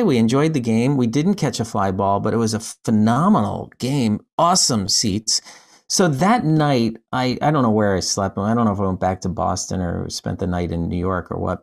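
Low-voiced man telling a story. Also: vocal fry. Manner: animated, acts out quoted dialogue, frequent "like" fillers. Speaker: podcast guest. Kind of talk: casual storytelling.

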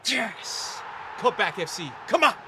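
A man streaming a football video game, talking to his chat in slangy, repetitive commentary that jumps from shouting at the referee to low muttering. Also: big pitch swings, a little slow, background noise. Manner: swings between shouted outbursts and low muttering; slangy, repeats himself. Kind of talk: live gameplay commentary.

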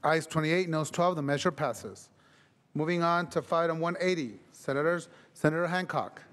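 A male presiding officer runs the floor in brisk, formal language. His voice sits slightly high. Long reverb fills the chamber. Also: a bit bright. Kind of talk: procedural chairing. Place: legislative chamber.

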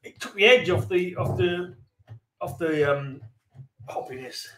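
A man's voice: high voice, a little slow, fairly bright tone, echoey room, a little hiss or hum, poor audio. A man from England casually chatting and swearing through a beer tasting as podcast host. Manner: chatty, swearing, restarts and jokes.

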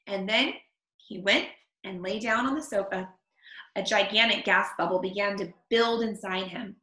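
A woman reading a picture book aloud to children, expressive, stopping to comment on the story. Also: mid-range voice, normal speed. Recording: echoey room.

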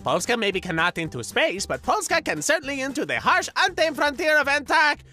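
Give me a woman doing cartoon country characters in broken English, high and animated. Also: brisk, soft background music, exaggerated voice. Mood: proud. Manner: broken English in mock accents. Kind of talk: comedy cartoon voice acting.

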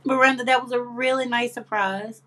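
A woman's voice: a little high, fairly even intonation, normal speed, sharp tone. A woman hosting a craft livestream, chatting casually and affectionately with viewers, reading their comments aloud and laughing often.

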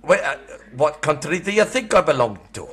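A man in his sixties with an Australian accent, baiting a scam caller with crude, mocking insults and sudden furious shouting. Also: on the high side, sing-song, normal speed. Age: 60s. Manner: foul-mouthed, mocking, bursts into furious shouting. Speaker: scam baiter. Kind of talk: crude prank call.

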